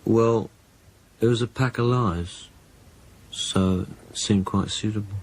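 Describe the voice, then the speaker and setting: An actor voices a dry, unflappable musician telling his story in a spoof interview. His voice sits low and he delivers everything matter-of-factly. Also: fairly even intonation, slow, a little hiss or hum, poor audio. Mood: deadpan. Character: deadpan male pop musician being interviewed.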